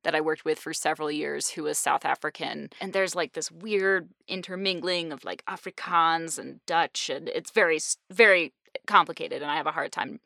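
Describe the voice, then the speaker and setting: A woman's voice: low-pitched, fairly even intonation, normal speed, vocal fry, pushed and bright, dry recording. Bubbly woman hosting a podcast, dry sound. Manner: bubbly, pun-loving, laughs often. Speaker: podcast host. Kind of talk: casual chat.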